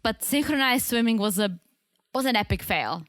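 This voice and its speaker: Bright-voiced woman co-hosting a podcast. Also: a little high, animated, normal speed, dry recording, studio quality. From Czech Republic. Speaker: podcast co-host. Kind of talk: casual podcast chat.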